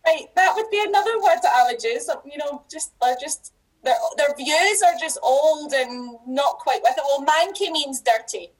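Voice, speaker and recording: A woman's voice: sits high, lively intonation, normal speed, low-quality recording. A Scottish woman, a podcast guest and educator, chatting casually and laughing often as she trails off and restarts. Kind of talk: casual chat.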